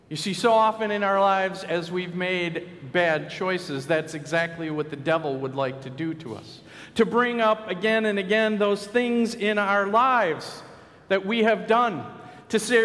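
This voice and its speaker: A man preaching a sermon in an earnest, measured way, telling a story and quoting voices along the way. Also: high voice, fairly bright tone, long reverb tail. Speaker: pastor.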